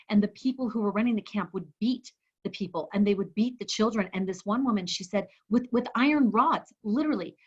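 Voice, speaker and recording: A woman hosting an interview, telling stories in a heartfelt, moved way. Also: mid-range voice. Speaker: host. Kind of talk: interview conversation. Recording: dull, muffled audio.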